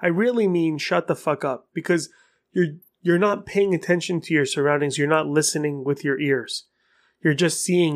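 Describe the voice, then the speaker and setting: A man hosting his own podcast, talking alone in a rambling, frank way and cursing for emphasis. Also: fairly high pitch. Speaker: podcast host. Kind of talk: casual solo podcast monologue.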